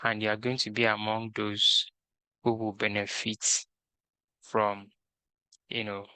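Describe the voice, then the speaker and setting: The recording is dry, and the man's fairly low voice has a bright, forceful tone. In his screen-recorded coding tutorial, he reads the task instructions out loud and works through each step slowly and methodically.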